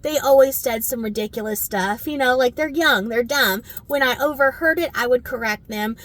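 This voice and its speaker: A middle-aged woman telling a story from her days as a restaurant owner, animated and laughing as she acts out the quotes. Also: high voice, normal speed. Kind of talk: casual storytelling to camera.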